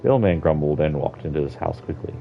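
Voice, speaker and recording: A man's voice: rumbling low, expressive, fast, gravelly, a little hiss or hum. A man streaming a game, reading an in-game book aloud casually, with slips and self-corrections. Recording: dull lo-fi stream audio with faint music.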